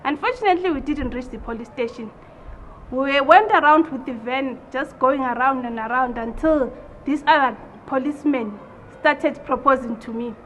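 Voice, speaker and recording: A woman calmly recounting her own experience in a documentary interview. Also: high-pitched.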